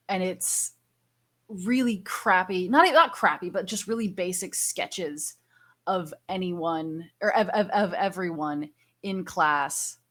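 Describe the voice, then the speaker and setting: Slow, hesitant woman player. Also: lowish voice. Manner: hesitant, with restarts and fillers. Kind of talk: casual tabletop play.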